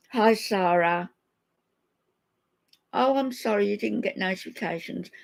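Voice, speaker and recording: Gravelly older woman scolding viewers. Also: on the low side. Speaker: livestream host. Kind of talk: casual livestream chat.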